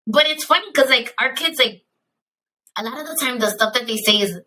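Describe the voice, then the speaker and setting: A woman's voice: high-pitched, brisk, bright, forceful tone, rough recording. A woman podcast host chatting casually, her talk full of "like" fillers.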